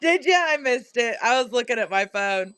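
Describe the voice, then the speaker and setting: A woman's voice: fairly high pitch, lively intonation, moderate pace, fairly bright tone, clean tone, no room sound. A woman hosting a casual live-stream sale from home. She is chatty, laughs a lot, and talks to both her viewers and her pet. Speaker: live-stream seller and host.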